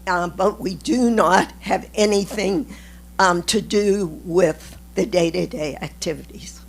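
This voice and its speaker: Slow, earnest woman at a town hall. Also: lowish voice, gravelly, slight background noise. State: losing her voice. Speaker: board member. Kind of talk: statement at a town hall meeting.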